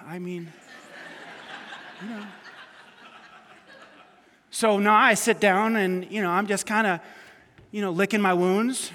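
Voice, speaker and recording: A man preaching a sermon, telling personal stories with lively swings between quiet asides and loud emphatic bursts. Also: high-pitched, takes it slowly, long pauses, a little hiss or hum. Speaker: pastor. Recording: long hall reverb.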